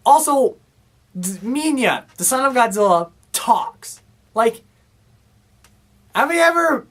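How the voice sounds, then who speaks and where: A woman giving a casual, exasperated movie review, rambling and full of fillers as she complains. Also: fairly high pitch. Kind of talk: casual film review rant.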